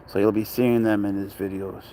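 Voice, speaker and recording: A man's voice: lowish voice, little pitch movement, a little fast, mellow, slight background noise. A man chatting casually outdoors at a dog park, joking, talking to his cat and greeting viewers by name. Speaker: pet owner vlogger. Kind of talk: casual rambling chat.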